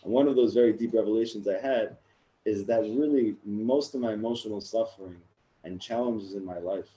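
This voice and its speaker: A man in his thirties, a rabbi, sharing his own story in a casual, animated talk that gets louder and higher in the funny parts. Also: lo-fi sound. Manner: animated storyteller, rising and loud in funny moments. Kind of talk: casual personal talk to a group.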